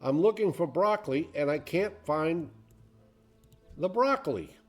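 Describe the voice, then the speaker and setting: A man's voice: a little high, expressive, measured pace, soft background music. A man voicing a polite woman shopper while telling a joke, repeating the same request in his own voice with barely any change.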